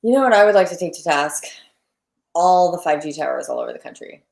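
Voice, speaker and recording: A woman's voice: on the low side, animated, fast talker, vocal fry, darkish tone. A woman from Florida, a podcast guest in casual chat, blunt and outspoken.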